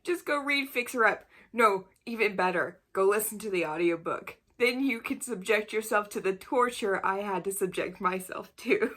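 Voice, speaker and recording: Bright-voiced woman ranting about books. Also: mid-range voice, normal speed, few pauses. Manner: exasperated, breaks into laughter, blunt. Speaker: book reviewer. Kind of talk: casual video review.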